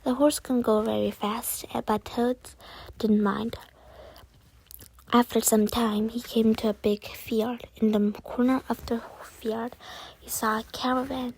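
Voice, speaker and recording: A woman reading a storybook aloud, slowly and carefully, with soft, breathy passages. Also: fairly high pitch, little pitch movement, low-quality recording. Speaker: reader.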